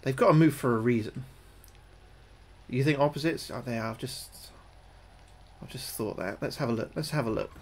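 A British man with a gravelly, creaky voice at a middle pitch, commenting live on a game as he plays. He chats as he goes, says the same phrase twice over and thanks his viewers between moves. When something spooks him he gets jumpy and loud. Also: normal speed, pauses often. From United Kingdom. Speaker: gaming livestreamer.

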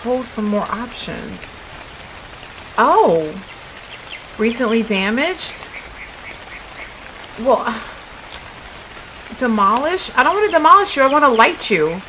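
A woman's voice: a little high, sing-song, takes it slowly, long pauses, noisy background. A woman giving casual let's-play commentary, chatty and puzzled, thinking aloud to her viewers. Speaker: gaming video creator.

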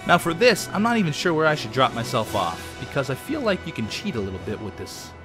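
A man's voice: medium pitch, sing-song. Easygoing man commentating a game. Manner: easygoing, chatty, quick reactions. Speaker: let's play gamer. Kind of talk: casual gameplay commentary. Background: game music.

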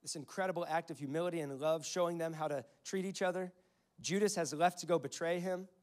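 A man's voice: fairly high pitch, steady tone, fast talker. A young man in his twenties or thirties preaching a sermon as a pastor, telling stories in a conversational way and quoting scripture. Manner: conversational storytelling, quotes scripture.

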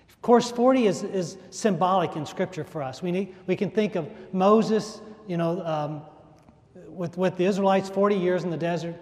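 A high-pitched man with a darkish tone preaches a sermon in a large church, the echoey hall ringing around him. His homily is emphatic, with repeated phrases for stress and a voice that rises and falls.

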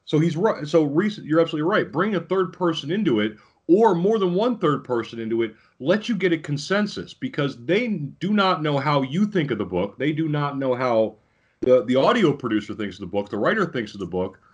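A man co-hosting a podcast in casual chat, enthusiastic and emphatic, quick to agree. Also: fairly high pitch, sing-song. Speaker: podcast co-host. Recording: dull, slightly husky lo-fi audio.

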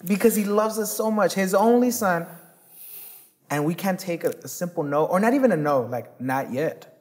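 A man's voice: sits high, lively intonation, moderate pace, darkish tone. A man, a pastor co-hosting, talking earnestly and casually, with frequent affirming interjections. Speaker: pastor, co-host. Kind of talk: casual conversation.

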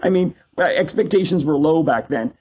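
Husky-voiced man in his fifties. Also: on the high side, moderate pace, poor audio. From Canada. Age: 50s. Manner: self-deprecating, animated storytelling with laughs. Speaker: company CEO, guest. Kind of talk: casual interview conversation.

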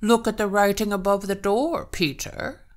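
A woman's voice: mid-range voice, moderate pace, pitched above the performer's own voice, lightly acted. A woman doing a sly, blandly mocking old troll farmer. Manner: blandly mocking, falsely kind.

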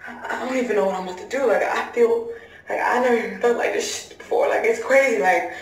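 An angry woman with a high voice talks to her viewers in casual, cursing slang, then turns on her partner. She sounds distant from the mic in a roomy, echoing space with faint noise. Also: fast talker. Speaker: vlogger. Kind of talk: talking to camera, then confronting.

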